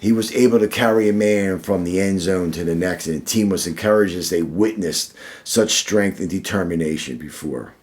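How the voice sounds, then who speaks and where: A man giving a short devotional sermon, earnest and slow, repeating phrases for emphasis and often restarting his sentences. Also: low-pitched, darkish tone. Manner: slow, deliberate delivery with frequent restarts. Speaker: devotional speaker.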